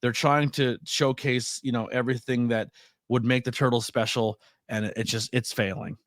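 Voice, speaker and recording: Man, podcast host, casual movie recap, rambling with fillers, mid pitch, dry close sound. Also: level tone, moderate pace, a bit bright, dry recording. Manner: loose, rambling retelling with many fillers and restarts.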